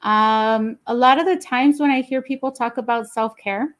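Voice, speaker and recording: Slightly high-voiced woman explaining wellness. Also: moderate pace. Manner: calm, informative, reflective. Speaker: wellness event co-host. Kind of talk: educational wellness talk.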